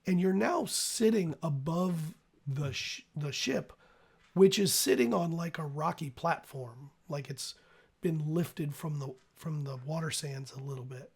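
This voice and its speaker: Gravelly husky man running a tabletop game. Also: a little high, darkish tone. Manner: loose, halting narration with restarts and fillers. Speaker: game master.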